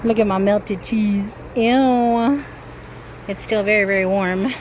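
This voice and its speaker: A woman's voice: medium pitch, little pitch movement, a little fast. Chatty woman vlogging outdoors, noisy. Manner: anxious, chatty storytelling. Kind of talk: casual vlog talking to camera. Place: outdoors by a grill. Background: wind and outdoor ambience.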